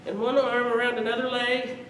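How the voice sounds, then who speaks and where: A woman storyteller telling a folk tale to a live audience, lively and often laughing as she acts it out, in a festival hall. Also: a little high, fairly quick, noisy background. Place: event hall at a medieval arts festival. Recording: echoey hall from far off.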